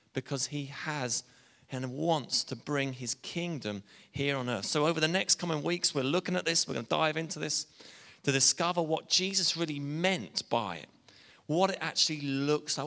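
A man's voice: on the high side, creaky, pushed and bright. A man preaching a sermon as pastor, talking conversationally with asides and restarts. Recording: long reverb of a church hall.

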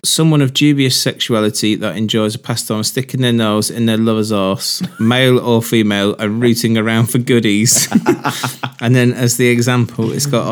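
A man's voice: medium pitch, steady tone, normal speed. A man co-hosting a podcast in casual chat, laughing often and telling crude, swearing stories. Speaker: podcast co-host.

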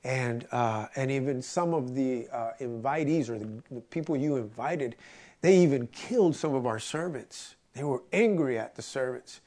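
A man's voice: mid-range voice, normal speed, darkish tone. A man preaching a conversational sermon, earnest and storytelling, repeating phrases for emphasis.

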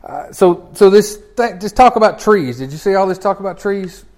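A man's voice: high voice, lively intonation, moderate pace, a little mellow. A man teaching a Bible class in a folksy, conversational way, often chuckling and restarting his phrases.

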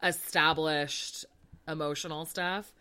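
A woman hosting a casual chat about tarot decks, quick and upbeat, laughing often. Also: deep voice, steady tone, pushed and bright, clear, resonant tone.

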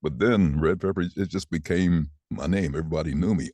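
Very deep husky man in his sixties. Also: a little fast, hardly any pauses, dry recording, studio quality. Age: 60s. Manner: chatty, animated anecdotes with laughs. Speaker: interview guest, voiceover artist. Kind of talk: casual storytelling interview.

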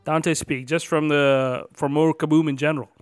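A man's voice: on the high side, flat delivery, normal speed, clear, resonant tone, dry recording, studio quality, soft background music. A man co-hosting a casual podcast, announcing numbered categories with extra emphasis and then chatting loosely. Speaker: podcast co-host.

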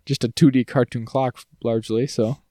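A man's voice: mid-range voice, steady tone, moderate pace, mellow, no room sound, clean studio sound. A man co-hosting a podcast, chatting casually and playfully as he recaps a TV episode, drifting into silly voices. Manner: rambling, playful, acts out lines in silly voices. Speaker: podcast co-host.

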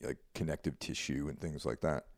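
A man's voice: extremely low pitch, a little fast, dry recording, clean studio sound. A man co-hosting a podcast in laid-back, rambling casual chat, often checking in with his co-host. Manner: laid-back, rambling, leans on "you know what I mean".

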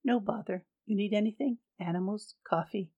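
A woman voicing a practical, caring woman who speaks briskly and directly in a storybook reading. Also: mid-range voice, mellow, highs cut off, pitched above the performer's own voice, lightly acted. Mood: kind.

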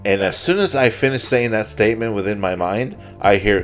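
Low-voiced man telling a profane story. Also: a little fast, faint music behind. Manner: profane, rambling anecdote with acted-out quotes. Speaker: podcast co-host. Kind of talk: casual storytelling.

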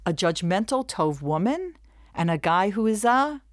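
A middle-aged woman giving a webinar talk, telling stories in a chatty, animated way and checking in often with her listeners. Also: mid-range voice, a little slow, dry recording, studio quality. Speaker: webinar speaker. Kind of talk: lively storytelling talk.

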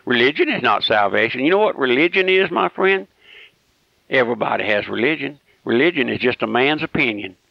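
Folksy, fervent preacher, gravelly. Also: male voice, medium pitch, animated, a little fast, no room sound. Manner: folksy, fervent, pleading preaching with rhetorical questions. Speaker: radio preacher. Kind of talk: radio sermon. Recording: dull, dry, lo-fi radio recording.

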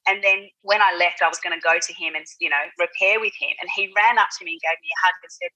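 Husky-voiced earnest mother. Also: lowish voice, fairly even intonation, quick pace, hardly any pauses, sharp tone, dry recording, low-quality recording. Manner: earnest, reassuring, many fillers. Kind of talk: casual chat.

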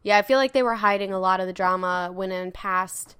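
A woman's voice: medium pitch, brisk, a bit bright, smooth, no echo, studio quality. A woman co-hosting a podcast in casual chat, blunt and laid-back with some swearing. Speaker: podcast co-host.

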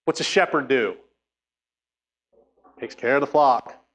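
A man's voice: medium pitch, takes it slowly, fairly bright tone. A man preaching a sermon, reading scripture and urging listeners with emphatic, exhorting speech. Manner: emphatic, exhorting, with frequent restarts.

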